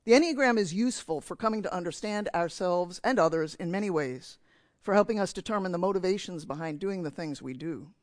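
A man's voice: sits high, lively intonation, a little fast, no room sound. A man from New Jersey giving a sermon in church, telling a candid, self-mocking story about himself. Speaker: preacher.

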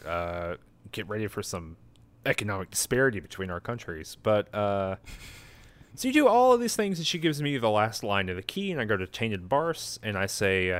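A man's voice: lowish voice, very animated, normal speed. A sleepy man in casual chat, rambling and chuckling as he retells a video game and quotes its characters. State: sleepy, yawning.

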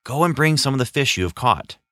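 Guy voicing jesus in a kids bible story, kindly grown man, lively pitch, bright sound. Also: fairly quick, dry recording, studio quality. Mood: calm. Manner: calling out loudly from afar, then calm. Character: Jesus, adult man, calm and warm-hearted.

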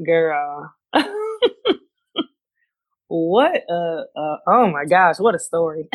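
A woman telling a story in casual chat, animated and quick, acting out what other people said. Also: on the low side, no echo.

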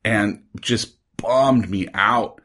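A man's voice: lowish voice, very slow, a bit bright. A man guesting on a podcast in casual chat, rambling and jokey, trailing off and restarting mid-thought.

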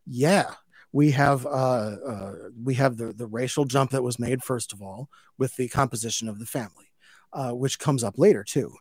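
A man casually recapping an anime episode as a podcast host, rambling with lots of fillers and restarts, growing louder and livelier when something amuses him. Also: medium pitch, moderate pace, slightly rough, dry recording. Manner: gets loud and animated when amused.

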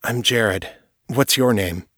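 A male narrator voicing a bewildered police psychologist who talks in a tense, hushed way. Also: mid-range voice, slow, no echo, clean studio sound, pitched above the performer's own voice.

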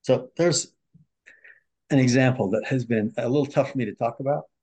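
Husky, warm-voiced man telling a story. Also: moderate pace. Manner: earnest storyteller who acts out quotes with changes in pitch and loudness. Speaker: marriage and family therapist, podcast guest. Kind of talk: telling a client story in a podcast interview.

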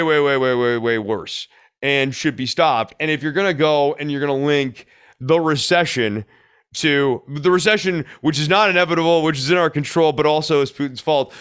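A man talking alone into the mic as a podcast host, working through his opinions out loud. His voice sits in the middle register, and his delivery is blunt and wry, full of "um"s and restarts. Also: mid-range voice, clean tone. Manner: blunt, sarcastic, thinking aloud with many fillers. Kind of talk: solo political commentary.

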